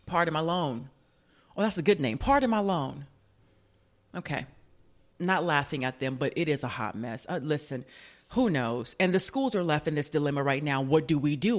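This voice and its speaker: A radio show host in casual commentary, chatty and joking, firing off rhetorical questions. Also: mid-range voice.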